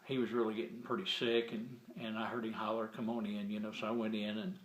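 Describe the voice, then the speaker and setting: A man's voice: lowish voice, flat delivery, fast, echoey room, low-quality recording. A man casually telling a personal faith testimony, rambling with many fillers and restarts and retelling conversations with frequent "he said, I said.". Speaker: Christian sharing a testimony. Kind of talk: casual spoken storytelling.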